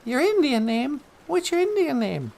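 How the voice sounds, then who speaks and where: A woman's voice: high voice, very animated, moderate pace, creaky, a little mellow, a little hiss or hum. A woman hosting a comedic talk show, easygoing and playful, taking her time. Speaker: host.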